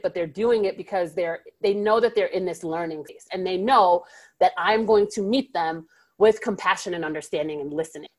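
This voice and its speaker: A woman co-hosting a podcast in casual chat, animated, laughing often and leaning on fillers. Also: medium pitch. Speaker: podcast co-host.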